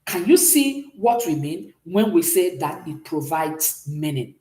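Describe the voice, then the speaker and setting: A woman teaches a beginners' French lesson, her voice rising and falling as she explains each point. She pauses often to ask whether the students follow. The recording has the echo of a bare room. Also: low-pitched, very animated, dark tone. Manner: explanatory, checks understanding often. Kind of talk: classroom lesson.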